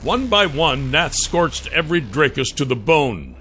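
Slow, expressive male audiobook narrator. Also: a little high, slight background noise. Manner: measured, expressive storytelling.

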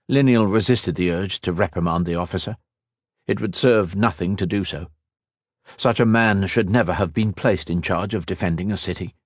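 Low-voiced man narrating a fantasy story. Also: moderate pace, no echo, clean studio sound. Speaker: audiobook narrator.

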